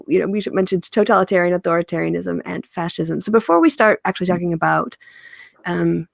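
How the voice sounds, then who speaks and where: A woman's voice: fairly low pitch, gravelly, no echo, studio quality. A woman hosting a casual interview chat, thinking aloud and reading definitions before explaining them. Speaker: podcast host.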